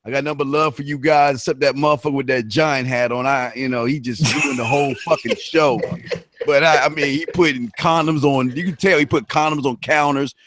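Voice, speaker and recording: A man co-hosting a casual podcast who swears freely and gives a pumped-up motivational shout-out to listeners. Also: mid-range voice, steady tone, a little fast, no room sound. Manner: profane, hyped, motivational shout-outs. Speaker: podcast co-host and radio host.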